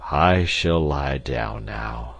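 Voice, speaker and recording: A man voicing a slow, grieving old professor. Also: rumbling low, animated, creaky, fairly bright tone, voice pushed down, full character voice. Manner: slow, heavy, measured. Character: elderly grieving professor, man, scholarly and resolute.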